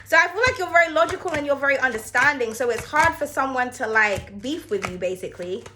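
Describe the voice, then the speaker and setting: A woman's voice: sits high, lively intonation, quick pace, bright, forceful tone, a little hiss or hum. A woman giving a casual tarot reading to camera, chatty and frank, cursing freely and calling the viewer darling. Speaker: tarot card reader.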